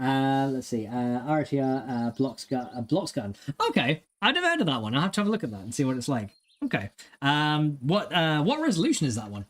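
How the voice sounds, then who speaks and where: Excitable man streaming, laughing a lot. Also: medium pitch, brisk. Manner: excitable, laughs often, swears, thanks chat. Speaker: game streamer. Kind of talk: live stream chat while gaming.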